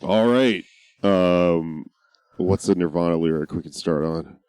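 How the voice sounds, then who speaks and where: A man's voice: low voice, a little slow, darkish tone, smooth, dry recording. A man co-hosting a podcast in casual comedic chat, joking and swearing, laughing often. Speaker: podcast co-host.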